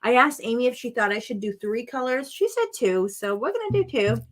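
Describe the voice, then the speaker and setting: A woman vlogs at home while working on a craft project, chatting to viewers and narrating what she does. Her fairly high, brisk voice has lively intonation, and she exclaims over the colors.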